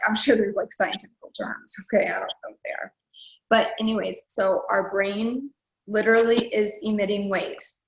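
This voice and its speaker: A woman talking casually and with animation to her team on a video call, motivating them with lots of "like" and "you guys". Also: mid-range voice. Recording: roomy echo.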